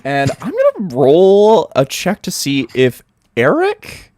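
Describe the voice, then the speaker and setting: A man's voice: a little high, wildly swooping pitch, slow pace, darkish tone, no room sound, clean studio sound. Laid-back young man running a tabletop game. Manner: laughing, loose and rambling. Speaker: game master.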